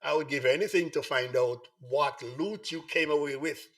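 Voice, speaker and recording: A man hosting a live online talk show, hoarse from the flu, repeatedly coaxing viewers to join in. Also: on the high side, normal speed, a bit bright. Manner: repetitive, coaxing appeals to viewers. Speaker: host.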